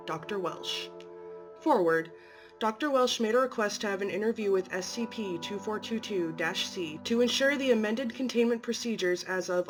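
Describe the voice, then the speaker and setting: A woman narrating from a script in a clear, matter-of-fact way. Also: medium pitch.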